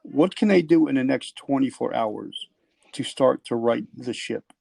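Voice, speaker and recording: Male host, gravelly voice, earnest interviewer, dry close audio. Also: mid-range voice, lively intonation, measured pace, darkish tone, no room sound. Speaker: podcast host. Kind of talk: interview questions.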